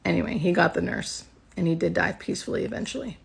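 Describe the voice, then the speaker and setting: A woman's voice: lowish voice, fast, vocal fry, husky. A woman who works as a hospice nurse, earnestly telling a personal work story in a casual way, close to tears.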